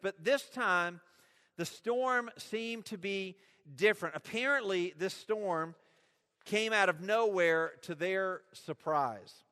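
A man with a high, bright, ringing voice preaches a sermon, pressing his points and throwing questions back at the congregation. His words trail off into a long hall reverb. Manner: emphatic, asks the listeners questions. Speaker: pastor.

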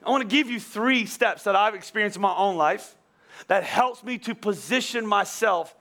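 A male pastor with a high, bright voice preaching with animated storytelling. He often stumbles over his opening words before rushing on. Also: vocal fry. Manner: animated storytelling, repeats words when starting sentences. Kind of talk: sermon.

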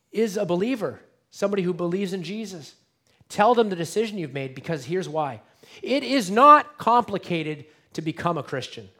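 A man preaching an Easter sermon as pastor, earnest and direct, dropping to a hush and then rising to emphatic appeals. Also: fairly high pitch. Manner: earnest, dynamic swings between hushed and emphatic. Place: church sanctuary.

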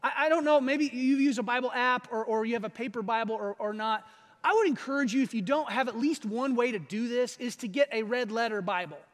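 A man preaching a sermon, animated and laughing often as he acts out quotes. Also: very high-pitched, fairly quick. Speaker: pastor. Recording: long hall reverb.

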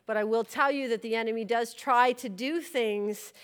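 A middle-aged woman who leads a church gives a personal testimony in a slightly high, clean voice at normal speed. She tells it conversationally, like a story, acting out words she once said.

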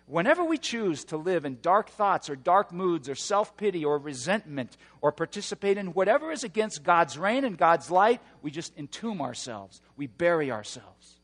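A man preaching a sermon, moving between hushed, slow passages and loud, roaring emphasis. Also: high voice, big pitch swings, long reverb tail. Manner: dynamic preaching, swings from hushed to shouting. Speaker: pastor.

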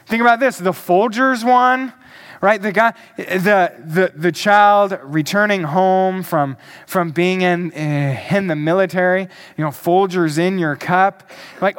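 A male pastor preaching a sermon, emphatic and deliberate, asking the congregation questions. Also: high-pitched, a bit bright, clear, resonant tone.

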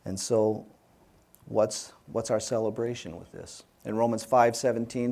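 A man's voice: lowish voice, a little slow, vocal fry, warm tone. A man teaching an adult Sunday school class, reading scripture aloud with emphasis and inviting the group to respond. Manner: reads scripture aloud with emphasis, then leads group discussion. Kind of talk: Bible class teaching with discussion.

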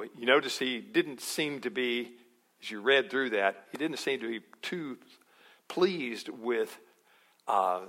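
A middle-aged male pastor preaching a sermon, animated and acting out quotes with chuckles. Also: mid-range voice.

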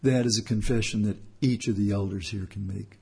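A man preaching a sermon as a church elder, his voice a little husky. He speaks earnestly and leans on repeated phrases for emphasis. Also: lowish voice, fairly even intonation, fairly quick, warm tone.

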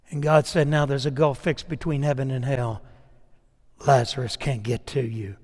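A man preaching a sermon, swinging from hushed asides to loud, emphatic peaks. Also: mid-range voice, fairly even intonation, moderate pace, long reverb tail. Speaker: pastor.

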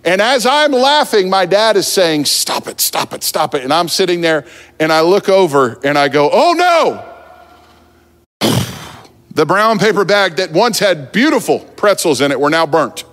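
A man from New Jersey preaching a sermon, telling a funny story about himself in a relaxed, conversational way from the pulpit. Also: high-pitched, moderate pace. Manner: humorous, self-deprecating, conversational. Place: church sanctuary at the pulpit. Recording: long church hall reverb.

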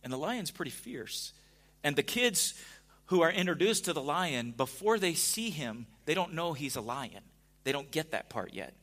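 A man preaching a sermon in a conversational way, dropping to a hush at times and rising to emphatic points. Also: fairly high pitch, big pitch swings, moderate pace. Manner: conversational, swings from hushed to emphatic. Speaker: pastor.

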